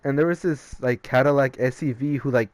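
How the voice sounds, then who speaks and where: A man's voice: medium pitch, brisk, darkish tone, no room sound. A young man co-hosting a podcast, casually telling profane stories full of "like" and loose asides. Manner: loose, profane storytelling with frequent "like" and laughs. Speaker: podcast co-host. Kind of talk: casual chat.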